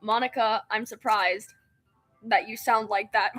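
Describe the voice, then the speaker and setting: A woman's voice: fairly high pitch, fairly even intonation, unhurried, a bit bright, faint music behind. A woman streamer reading a visual novel aloud, narrating in first person and breaking off into giggly, self-mocking asides.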